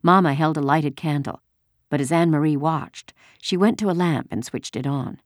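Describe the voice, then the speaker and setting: Woman reading a story out loud, low voice, dry close sound, steady. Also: moderate pace, dry recording. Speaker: narrator. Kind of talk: storybook narration.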